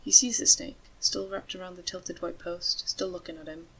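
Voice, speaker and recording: Breathy woman reading a story. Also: fairly low pitch, level tone, moderate pace, a bit bright, poor audio. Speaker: story narrator. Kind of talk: story narration.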